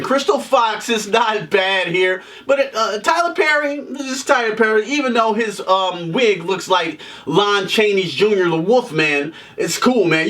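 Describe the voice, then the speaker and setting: A man's voice: high voice, a bit bright, distant mic. A man giving a casual, comedic movie review, joking and swearing as he rants. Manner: profane, joking rant with frequent laughs.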